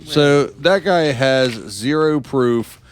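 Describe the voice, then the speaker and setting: A man's voice: mid-range voice, animated, drawn-out words, a little hiss or hum. A man from the United States co-hosting a comedy podcast, reading news stories aloud and adding sarcastic mock explanations. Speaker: podcast co-host. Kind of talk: casual comedy podcast banter.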